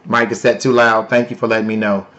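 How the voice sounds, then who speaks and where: A man hosting a live stream, talking loudly and playfully to his viewers in a casual sales pitch. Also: little pitch movement, fast talker, dull audio. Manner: loud, playful, talks to chat. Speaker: livestream host.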